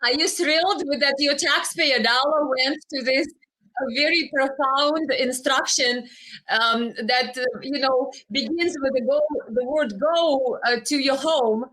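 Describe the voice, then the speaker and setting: Woman host, high bright voice, earnest talk with fillers. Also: rough recording. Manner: earnest, pauses with fillers, rhetorical. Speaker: live stream host. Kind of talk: casual political chat. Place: home in Michigan.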